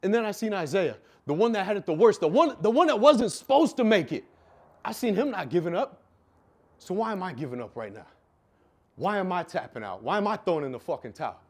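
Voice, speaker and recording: His voice sits high, very animated and a little fast, as this young adult man shares a raw personal story about his life. He swears constantly, gets emotional, and repeats phrases to drive points home.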